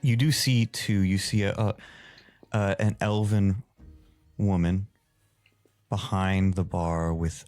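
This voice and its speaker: A man with a very low voice leads a tabletop role-playing session, narrating places and characters in an easygoing, rambling way. His voice sounds close and dry, with no room around it. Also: takes it slowly, pauses often, dry recording, soft background music. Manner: relaxed, filler-heavy narration. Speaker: game master.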